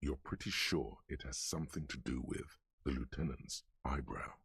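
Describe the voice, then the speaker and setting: A man voicing the brooding second-person narrator of a detective game, with a gravelly voice and slow, ominous delivery. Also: extremely low pitch, a bit bright, no echo, studio quality, exaggerated voice.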